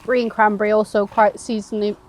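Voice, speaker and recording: A woman's voice: mid-range voice, little pitch movement, a little fast. A woman chatting casually while showing how she makes toasties outdoors on a fishing bank, laughing often. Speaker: co-presenter, cooking on the bank. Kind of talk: casual cooking demo chat.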